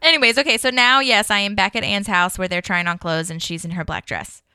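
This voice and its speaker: A woman's voice: mid-range voice, brisk, sharp tone. A woman co-hosting a podcast in casual chat, laughing often and saying "like" a lot. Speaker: podcast co-host.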